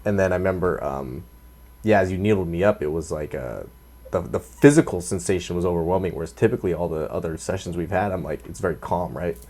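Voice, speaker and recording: A host chatting casually in an interview, asking relaxed, rambling questions full of fillers. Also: sits low, fast talker.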